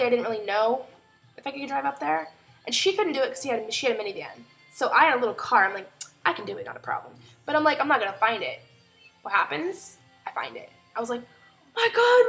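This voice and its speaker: A young woman telling a chatty story in a casual vlog at home, acting out other people's lines as she goes. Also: fairly high pitch. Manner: chatty, animated retelling with quoted voices. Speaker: vlogger.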